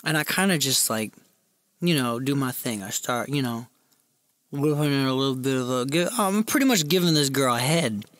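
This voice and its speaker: A man's voice: medium pitch, expressive, normal speed, a bit bright, dry recording, studio quality. Rambling man telling a crude tale. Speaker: storyteller. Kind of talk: comedic ASMR storytelling.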